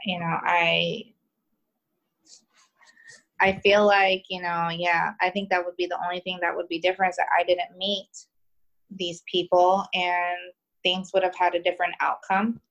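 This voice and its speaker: A woman in her thirties from New York with a Southern twang, telling stories as a podcast guest in a laid-back, halting way. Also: lowish voice, flat delivery, fairly bright tone, dull audio. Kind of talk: casual interview chat.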